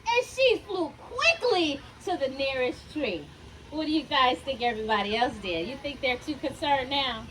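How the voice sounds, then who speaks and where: A woman's voice: high voice, moderate pace, fairly bright tone. A woman telling a story aloud to a crowd of children outdoors, prompting them to call out answers. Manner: call-and-response with the audience. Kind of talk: animated read-aloud to children. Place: outdoor riverfront event before a crowd. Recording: noisy outdoor event recording.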